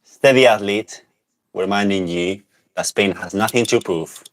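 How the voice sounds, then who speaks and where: A man's voice: on the low side, a little slow, slight background noise. A man co-hosting a podcast, chatting casually with short, teasing replies. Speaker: podcast co-host. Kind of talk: casual chat.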